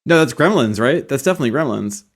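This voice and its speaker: A man's voice: medium pitch, animated, fast. A man co-hosting a podcast, rambling in casual chat with lots of filler words. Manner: rambling, many filler likes. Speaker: podcast co-host.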